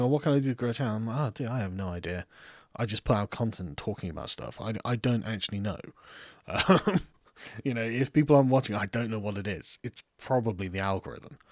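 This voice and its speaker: Here a political commentary streamer, a young adult man from England with an English accent, reads out viewer comments during a casual livestream. He rambles, laughs frequently, curses freely and is self-mocking, speaking in a lowish voice. The sound is clean studio audio with no echo.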